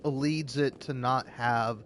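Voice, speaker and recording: A man's voice: medium pitch, steady tone, slow, a bit bright, slight background noise. A young man in casual, rambling chat, stammering, repeating words and swearing offhandedly. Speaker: vlogger.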